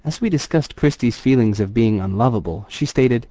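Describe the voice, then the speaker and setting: A man, a therapist and trainer, giving scripted instructional narration in a measured, explanatory reading voice. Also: medium pitch, animated, mellow, dry recording, highs cut off.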